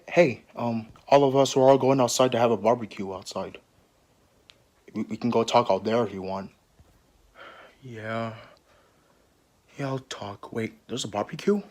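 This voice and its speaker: A man's voice: medium pitch, darkish tone. A man improvising role-play voices for game characters, stammering and repeating his words. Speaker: player voicing game characters.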